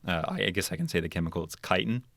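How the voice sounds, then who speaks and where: A young man with a very low voice walks through his research in a relaxed interview. He explains in a loose way, full of ums and likes. The recording is close and dry. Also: very fast, vocal fry, dry recording. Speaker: podcast guest, chemical engineer. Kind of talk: casual interview talk.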